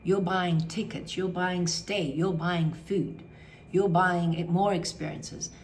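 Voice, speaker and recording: A woman's voice: on the low side, fairly even intonation, takes it slowly, a little mellow, slight background noise. A middle-aged woman chatting casually and frankly, rambling with many fillers. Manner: frank, opinionated. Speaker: vlogger. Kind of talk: casual review chat.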